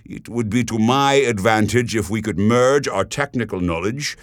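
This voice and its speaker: A man voicing a suave, persuasive German businessman with a German accent, speaking politely and smoothly. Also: lowish voice, normal speed, dry recording, studio quality, voice pushed up, lightly acted. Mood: courteous.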